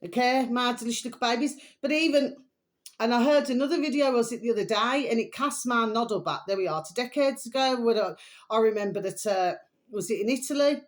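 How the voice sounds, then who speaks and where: A woman's voice: fairly high pitch, brisk. Chatty rambling woman. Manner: rambling, chatty, repeats pet phrases, emphatic. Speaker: vlogger host. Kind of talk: casual opinion monologue to camera.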